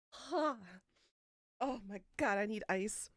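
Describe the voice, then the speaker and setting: A woman livestreams herself eating hot sauce, speaking slowly with long pauses in a medium-pitched, slightly bright voice with lively intonation. She swears heavily and groans and coughs through the burn as she talks to her chat. It's a studio-quality recording with no echo.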